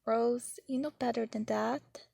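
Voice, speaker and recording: A woman's voice: fairly high pitch, steady tone, unhurried, gravelly, mellow, no echo, clean studio sound, exaggerated voice. A woman reading as a firm, caring mother. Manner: firm, pointed. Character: strict but caring middle-aged mother. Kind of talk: storybook reading.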